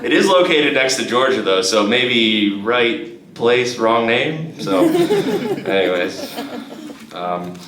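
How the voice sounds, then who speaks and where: A young male comedian performing a live stand-up set in a comedy club, halting with restarts and fillers. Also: mid-range voice, expressive. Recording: roomy live club recording with crowd. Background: audience laughter.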